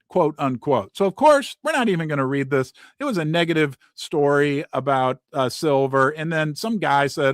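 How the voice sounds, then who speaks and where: A middle-aged man from the United States talks through market news from his basement in a casual, joking way. His voice sits high and swings widely in pitch, with many restarts and asides. The sound is dry, with little room echo. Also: moderate pace, few pauses. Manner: animated, jokey, rambling with restarts and asides. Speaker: host.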